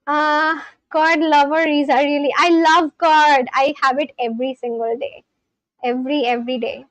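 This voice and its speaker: A woman's voice: high-pitched, level tone, normal speed, no room sound, poor audio. A young Indian woman with an Indian English accent, a native Marathi speaker, chatting casually on a livestream and answering her chat with lots of ums and likes. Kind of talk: casual live-stream chat.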